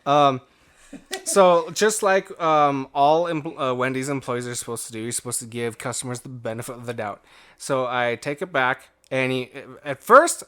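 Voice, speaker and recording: A young man co-hosts a casual podcast, telling a long story about an old job and playing out everyone's lines. His voice is bright and forceful, and he sits at an ordinary middle pitch. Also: smooth. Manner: rambling anecdote with acted-out quotes and laughter. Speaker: podcast co-host.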